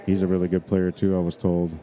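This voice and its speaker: A man's voice: sits low, monotone, quick pace, background noise. A man commentating a pool tournament on a live stream from the hall, chatting easily and greeting viewers. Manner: chatty, easygoing, talks directly to viewers.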